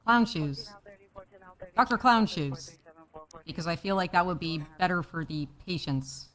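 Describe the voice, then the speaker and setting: A woman's voice: on the low side, expressive, unhurried, fairly bright tone. A woman playing a police officer in an improvised role-play, playful and often laughing, with hesitant fillers. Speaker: player.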